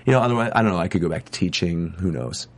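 A man's voice: sits low, racing. A middle-aged man, an actor chatting as an interview guest, rambling with many restarts and stammers. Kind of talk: casual chat.

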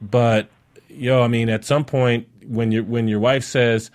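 A man hosting a casual podcast chat, recapping a reality show and acting out what people said. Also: unhurried. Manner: animated, acts out quotes with raised pitch. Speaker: podcast host.

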